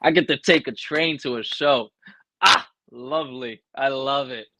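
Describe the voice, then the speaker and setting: Excitable New York man, swearing, dry sound. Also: mid-range voice, a little slow, dry recording. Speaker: guest wrestler. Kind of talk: casual podcast interview.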